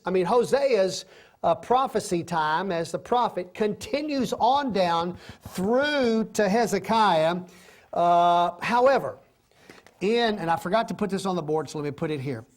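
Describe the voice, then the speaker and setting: Man, Bible teacher, high-ish voice, classroom lesson, conversational, talks to the class directly. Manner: conversational, asks the class questions, acts out quoted voices. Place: classroom with a board.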